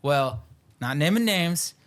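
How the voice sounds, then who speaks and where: A man's voice: fairly high pitch, animated, slow pace, fairly bright tone. A young man co-hosting a podcast, telling a rambling, profane anecdote in casual chat, full of "like" and quoted dialogue. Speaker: podcast co-host.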